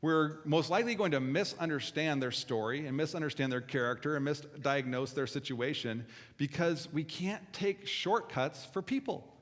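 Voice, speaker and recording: A male pastor preaching a conversational sermon, earnest and self-deprecating, with asides to the congregation. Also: a little high. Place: church auditorium. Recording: long hall reverb.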